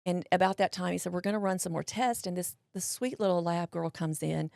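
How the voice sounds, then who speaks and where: A woman's voice: fairly low pitch, a little fast, vocal fry, no room sound, clean studio sound. A middle-aged woman, a guest telling a personal story in an interview, acting out what people said to her. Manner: animated storyteller acting out quotes, drawling voices.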